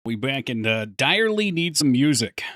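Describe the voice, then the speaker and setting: A man's voice: mid-range voice, very animated, normal speed, a bit bright, dry recording, studio quality. A man chatting casually on a live stream while working on his game, thinking aloud and answering chat. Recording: faint music behind voice.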